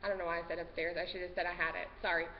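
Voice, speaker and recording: A woman's voice: lowish voice, level tone, rapid-fire. Woman, home craft vlogger, jittery and rambling; lo-fi audio, faint hiss. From Texas. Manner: nervous, rambling, easily distracted. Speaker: podcast host. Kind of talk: casual craft vlog chat. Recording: dull lo-fi sound with long reverb and faint noise.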